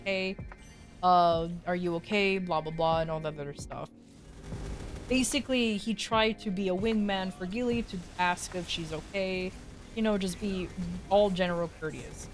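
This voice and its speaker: A woman streamer casually telling a story, swearing freely and acting out quotes. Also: mid-range voice. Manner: animated, profane, acts out quotes.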